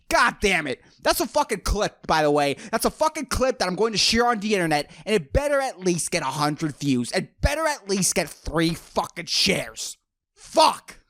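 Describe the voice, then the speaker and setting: A man's voice: a little high, dry recording, clean studio sound. A man hosting his own podcast, ranting solo in an exasperated, profane way with lots of "dude.". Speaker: podcast host. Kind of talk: solo comedic rant podcast.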